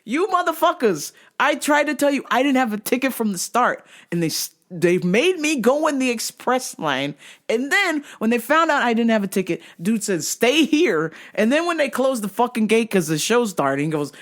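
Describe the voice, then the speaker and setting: A podcast host telling a comic rant about a run-in with security, profane and exasperated, rising to yells. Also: mid-range voice, big pitch swings, moderate pace. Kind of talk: comedic storytelling rant.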